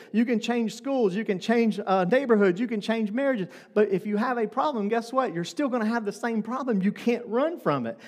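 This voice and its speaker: A man's voice: sits high, darkish tone. A man preaching a sermon as pastor, talking to the congregation in a conversational way and asking lots of rhetorical questions. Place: church hall. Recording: long hall reverb.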